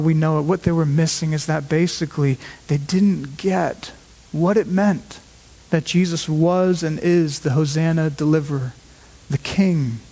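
High-voiced preacher in a reverberant hall. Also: male voice, darkish tone. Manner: emphatic, shifts pace and pitch for emphasis. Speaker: pastor. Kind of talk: sermon. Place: church sanctuary. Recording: long reverb of a large hall.

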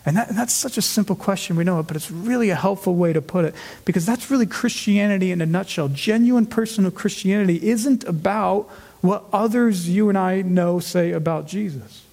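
High-voiced male pastor preaching. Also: fairly quick, vocal fry, a little mellow. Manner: earnest, repeats words when stressing a point. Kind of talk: expository sermon.

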